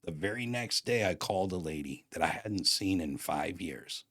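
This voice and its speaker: A man hosting a podcast, telling a personal story in a casual, animated way with surfer slang. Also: deep voice, normal speed, no room sound, clean studio sound. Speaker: podcast host.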